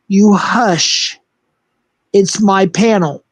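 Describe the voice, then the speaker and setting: A man's voice: sits high, animated, moderate pace, no room sound. A man hosting a livestream panel, talking down to a guest and telling him over and over to relax and breathe. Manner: condescending, repeatedly telling the other to relax and breathe. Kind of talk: heated livestream panel argument.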